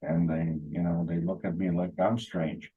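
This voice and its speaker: A man's voice: deep voice, level tone, moderate pace, slightly rough, narrow, tinny audio. A man chatting casually, telling rambling anecdotes full of "you know" and acting out other people's lines. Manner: acts out quoted dialogue in funny voices. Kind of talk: casual chat.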